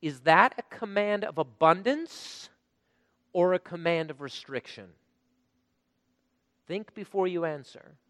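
Man preaching a sermon, high voice, rhetorical questions, long hall reverb. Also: takes it slowly, long pauses, a bit bright. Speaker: pastor.

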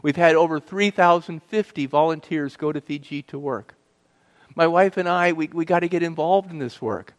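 A man's voice: a little high, moderate pace. A middle-aged man giving an earnest personal testimony as a guest speaker, telling his story and asking the audience questions. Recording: long hall reverb.

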